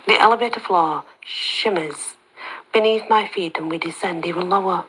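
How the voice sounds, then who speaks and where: Low husky lady reading a first-person romance story, soft, drops into whispers. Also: normal speed, low-quality recording. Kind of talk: first-person audiobook narration.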